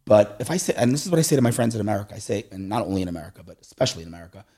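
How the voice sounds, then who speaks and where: A middle-aged man telling stories in a casual conversation, animated and acting out voices, often checking in with "right?". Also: fairly low pitch, very fast.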